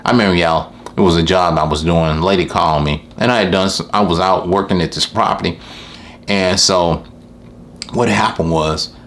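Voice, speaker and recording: Man, low voice, casual animated rant, faint background noise. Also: normal speed. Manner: animated, complaining, acts out customers in high voices. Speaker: lawn care business owner.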